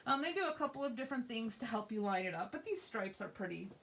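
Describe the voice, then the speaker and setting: A woman's voice: fairly high pitch, lively intonation, fast talker, a bit bright, slightly rough. A middle-aged woman hosting a casual live craft demo, slightly out of breath, chatty and greeting viewers by name. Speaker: crafting livestream host.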